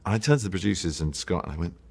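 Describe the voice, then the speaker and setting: A man, telling an anecdote in an interview, quick and self-mocking, slipping into little impressions. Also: sits low, expressive, vocal fry, darkish tone. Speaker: interviewed actor.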